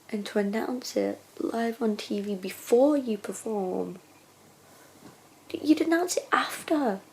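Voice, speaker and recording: A young English woman talking casually in a video diary, gushing and excitable, often sighing and sometimes dropping to a hushed near-whisper. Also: mid-range voice, slight background noise. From England. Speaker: vlogger.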